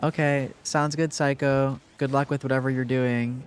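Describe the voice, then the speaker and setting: A man's voice: medium pitch, level tone, moderate pace, slight background noise. A young man streaming live, chatting casually and rambling with lots of fillers while thanking viewers.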